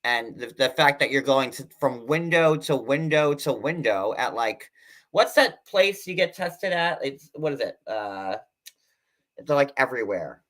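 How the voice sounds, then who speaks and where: With a medium-pitched, lively voice that's bright and a bit sharp, a man hosts a laid-back livestream. He's talkative and sarcastic, leaning on fillers and rapid asides.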